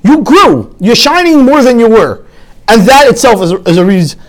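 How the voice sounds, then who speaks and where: A man giving an animated sermon full of stories, often restarting his sentences and acting out quotes. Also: very high voice, moderate pace. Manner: lively, frequent restarts, acts out quotes.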